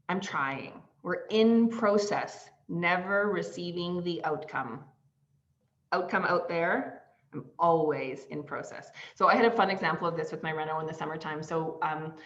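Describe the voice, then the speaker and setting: A woman coach leads an online masterclass. She speaks in an animated way, acts out the phrases she quotes and laughs often. Her voice sits a little low, and the audio is a bit dull and lo-fi.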